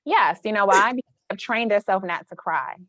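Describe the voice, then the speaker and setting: A woman's voice: mid-range voice, normal speed, sharp tone, dry recording. A woman who works as a mindset coach, talking frankly and emphatically as a podcast guest. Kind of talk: casual podcast conversation.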